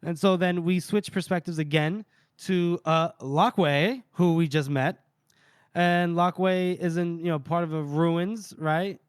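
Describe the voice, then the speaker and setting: A man with a fairly high, smooth voice walks his co-hosts through a chapter, slipping in quick character lines as he retells each scene. The sound is close and dry, with no room behind him. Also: steady tone, no echo. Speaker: podcast co-host. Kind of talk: casual book discussion podcast.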